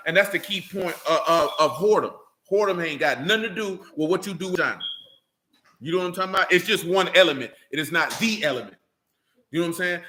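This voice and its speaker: A man's voice: high-pitched, pushed and bright, a little hiss or hum, rough recording. Blunt man preaching in street slang. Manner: blunt street slang, asks the room questions. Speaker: teacher of a religious assembly. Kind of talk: informal sermon with scripture reading.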